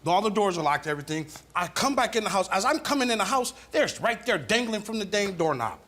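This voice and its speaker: A man's voice: high-pitched, very animated, fairly quick, bright, forceful tone. A man on a talk show stage, defensively denying an accusation over and over and swearing as he argues. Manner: defensive, repeats denials, swears. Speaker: guest. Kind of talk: heated talk-show argument. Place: TV studio stage.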